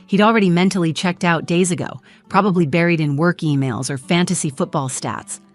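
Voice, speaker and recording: A middle-aged woman narrating a first-person story in a measured, subdued manner. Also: lowish voice, soft background music.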